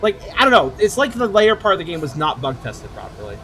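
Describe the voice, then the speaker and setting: A man's voice: fairly high pitch, big pitch swings, quick pace, bright, forceful tone, faint music behind. A man giving casual, chatty let's-play commentary, swearing and joking as he plays. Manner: chatty, swears, laughs easily. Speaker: gamer.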